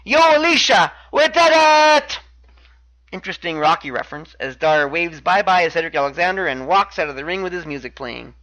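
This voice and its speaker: A man's voice: fairly high pitch, fast, few pauses, pushed and bright, low-quality recording. A man hosting a podcast, recapping wrestling matches in a chatty way with wry asides. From Canada. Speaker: podcast host.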